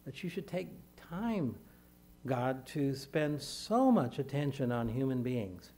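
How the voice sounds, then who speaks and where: Guy preaching a sermon, steady and measured, voice rises for scripture. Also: mid-range voice. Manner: measured preaching, lifting voice when reading scripture aloud. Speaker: pastor.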